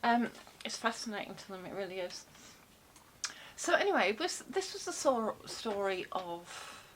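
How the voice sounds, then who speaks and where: A woman vlogs from a home room where cats wander around, rambling casually to camera into a desk microphone with lots of fillers and wry asides. Her medium-pitched voice is very animated and fairly bright, at a moderate pace. The recording is low quality, with a little hiss or hum.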